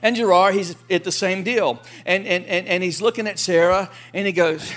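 A man with a high voice preaches a sermon in a lively, folksy style. He keeps the tone conversational and acts out quotes along the way. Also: moderate pace, hardly any pauses. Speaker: pastor.

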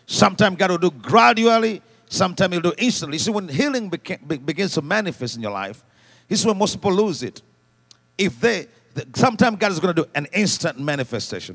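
Male preacher exhorting a congregation. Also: a little high. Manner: call-and-response exhortation, swinging from quiet asides to shouts. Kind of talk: sermon. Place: church service before a congregation.

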